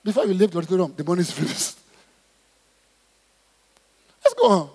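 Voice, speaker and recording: A man preaching a sermon, reading scripture and calling on the congregation to respond, swinging between loud exclamations and soft asides. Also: sits high, expressive, a little fast, breathy edge. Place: church auditorium. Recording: long hall reverb in church auditorium.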